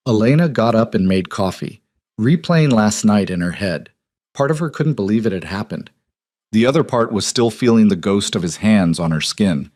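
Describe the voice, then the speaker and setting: Deep calm male audiobook narrator. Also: moderate pace, no echo, clean studio sound. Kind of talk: scripted narration.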